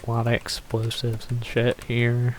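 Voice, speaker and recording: A man's voice: medium pitch, completely flat delivery, measured pace, a little hiss or hum. A man giving casual, rambling commentary over a game he is playing, swearing offhandedly and using lots of fillers. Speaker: gameplay commentator.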